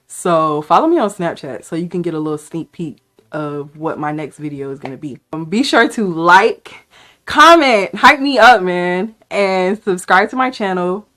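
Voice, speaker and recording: Playful woman vlogger hyping herself up. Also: on the low side. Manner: playful, excitable, hypes herself up. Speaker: beauty vlogger. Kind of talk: casual chat to camera.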